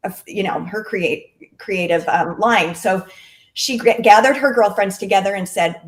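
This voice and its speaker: A woman's voice: mid-range voice, unhurried. A middle-aged woman, a direct-sales clothing stylist, chatting casually in an interview with lots of fillers. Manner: chatty and friendly, with frequent fillers. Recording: roomy echo.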